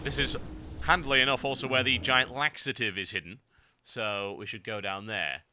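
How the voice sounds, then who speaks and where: A man's voice: mid-range voice, sharp tone, slight background noise. A man giving sarcastic, ranting commentary over a video game guide, with mock-grandiose asides. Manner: theatrical mock-grandiose lines. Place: voice-over recorded over game footage.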